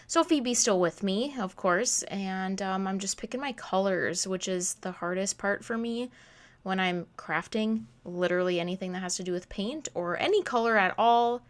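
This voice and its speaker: A woman in her twenties narrates her crafting vlog in a casual voice-over, speaking at a mid-range pitch and normal speed. She's bubbly and gushing, laughs at herself, and keeps saying "literally" and "oh my god."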